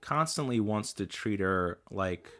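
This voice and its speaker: A man's voice: fairly low pitch, lively intonation, measured pace, fairly bright tone. A man co-hosting a casual horror podcast, talking loosely with many "like" and "um" fillers. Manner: loose, hesitant, leans on "like" and "um". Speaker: podcast co-host.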